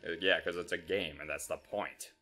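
A man's voice: sits low, steady tone, moderate pace, bright, forceful tone. A young man co-hosting a gaming show, teasing dryly and making crude jokes. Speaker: co-host. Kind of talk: casual gaming banter.

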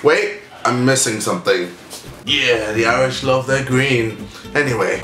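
A young man hosting a jokey vlog Q&A, loud and goofy with sudden shouts. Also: medium pitch, measured pace, roomy sound, soft background music. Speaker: vlogger host. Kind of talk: comedic vlog Q&A.

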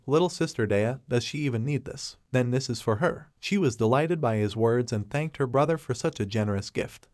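A man reading out a scripted comic recap in a steady, mid-pitched voice. He tells the story evenly and unhurried, delivering the characters' lines in his plain narrating voice. The recording is dry and close, with no room around it. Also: no echo.

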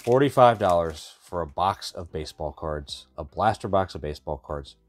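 A deep-voiced man talks his way through opening packs of cards in a loose, wry running commentary, half to himself and half to his viewers. Faint music sits underneath his voice. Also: animated, normal speed. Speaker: card-breaking channel host. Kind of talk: casual pack-opening commentary.

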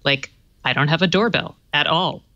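A woman with a lowish voice chats as a tech co-host, explaining smart home gadgets with plenty of fillers. The recording is dry and close but slightly dull and lo-fi. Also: normal speed, pushed and bright, dry recording. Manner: chatty, explains with many fillers. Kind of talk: casual tech chat.

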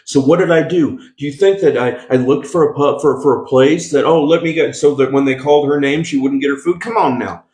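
A man's voice: medium pitch, a little fast, few pauses, darkish tone. A male pastor preaching a sermon, emphatic, with call-and-response asides and frequent restarts. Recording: echoey room.

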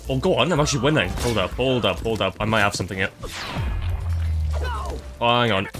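A man's voice: fairly low pitch, expressive, fairly quick, over music. A young man giving playful let's-play commentary, joking, teasing enemies and repeating himself. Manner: jokey, laughs often, teases enemies, repeats phrases. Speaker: gaming streamer.

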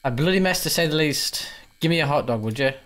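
A man's voice: on the high side, animated, fast talker, a bit bright. A man putting on a pompous doctor customer. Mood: smug. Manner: pompous, lecturing. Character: smug know-it-all male doctor customer. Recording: mains hum behind.

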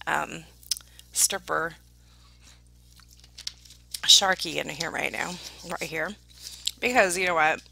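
A woman talks to her viewers in a gushing, excitable way, her bright voice carrying a heavy gravelly rasp. She slows to an unhurried pace and swoops up and down, sometimes dropping to a whisper. The sound is close and dry. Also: mid-range voice, dry recording. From United Kingdom. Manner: drops into whispers now and then. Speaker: vlogger opening viewer gifts. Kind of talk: casual chat to viewers.

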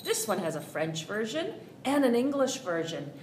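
A woman's voice: fairly high pitch, big pitch swings, moderate pace, darkish tone, far from the mic. A woman leading a children's story time with songs and finger rhymes, coaxing young listeners to sing along. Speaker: children's librarian. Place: library room. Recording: roomy echo, faint noise.

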